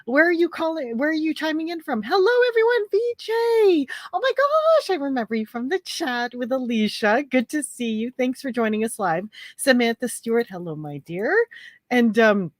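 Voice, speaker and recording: A woman's voice: fairly high pitch, moderate pace, dry recording, studio quality. Chatty woman with a phlegmy throat. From Canada. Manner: chatty, greets viewers by name. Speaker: livestream host. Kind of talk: casual live chat.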